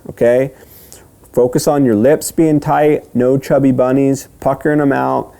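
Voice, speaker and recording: A man's voice: mid-range voice, vocal fry, dark tone. Man patiently teaching a how-to lesson. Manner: patient, repeats steps, checks in with "okay?"; counts out rhythms slowly and sings the cadence. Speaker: duck calling instructor. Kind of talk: step-by-step instruction.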